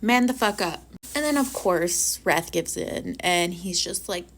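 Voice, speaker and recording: A woman reviewing a TV episode in a casual vlog. She rants in an animated, profane way and fills her speech with "like". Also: lowish voice, measured pace, a little hiss or hum. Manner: filler-heavy with frequent "like". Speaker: book reviewer.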